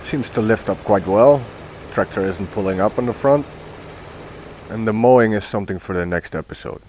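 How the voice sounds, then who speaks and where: A man's voice: fairly low pitch, moderate pace, a little mellow, a little hiss or hum. A man casually commenting on his own gameplay, thinking aloud as he goes and correcting himself along the way. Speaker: gaming video host.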